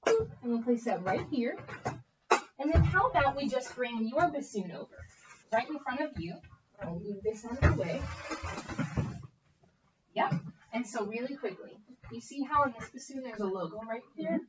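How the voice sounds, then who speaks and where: A young woman teaching a bassoon lesson, upbeat and encouraging, checking in with the student often. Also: lively intonation, normal speed, pauses often, noisy background. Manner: upbeat, coaching with frequent okay checks. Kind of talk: encouraging one-on-one music lesson. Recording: echoey, distant, dull room audio.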